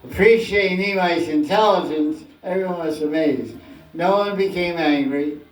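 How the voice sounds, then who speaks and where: A man's voice: a little high, moderate pace, soft background music. A man giving a scripture class as spiritual teacher, telling stories playfully and acting out scenes, recorded from a distance in an echoey room.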